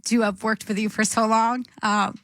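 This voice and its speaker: A woman's voice: a little high, level tone, normal speed, no room sound. Earnest radio co-host woman. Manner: warm, earnest, giggly. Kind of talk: heartfelt on-air tribute. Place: radio studio. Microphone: studio microphone.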